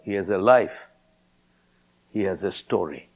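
A pastor in his sixties telling a testimony in a sermon, animated, rising high when he quotes others. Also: a little slow.

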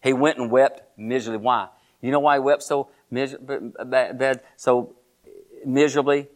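Delivering a sermon at a moderate pace, a man with a mid-range voice and a Texan accent tells the story with animation. Along the way, he asks the congregation questions.

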